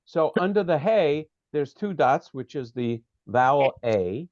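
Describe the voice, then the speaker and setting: A man's voice: fairly high pitch, lively intonation, measured pace, a little mellow, dry recording, muffled recording. Man teaching an online Hebrew class. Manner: patient, explanatory, checks that students follow. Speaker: teacher of a prayer study class. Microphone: video call.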